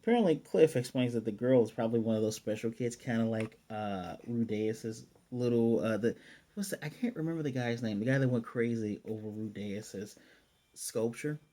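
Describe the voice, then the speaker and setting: A man's voice: medium pitch, moderate pace, mellow. A man casually recapping an anime episode, retelling scenes in paraphrased dialogue with chatty, self-correcting asides. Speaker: anime reviewer.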